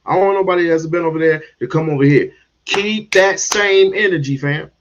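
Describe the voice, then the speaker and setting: A man hosts a livestream, speaking bluntly in a drawl directly to his chat as he gives commentary. His voice is a little high and fairly quick, and the muffled recording carries a little hiss or hum.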